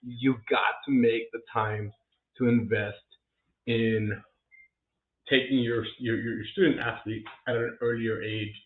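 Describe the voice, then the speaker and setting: A man's voice: medium pitch, steady tone, takes it slowly. Earnest man, tinny echoey audio. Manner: earnest, encouraging, many fillers and restarts. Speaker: realtor vlogger. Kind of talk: casual vlog talk to camera. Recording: echoey room, tinny phone-like sound.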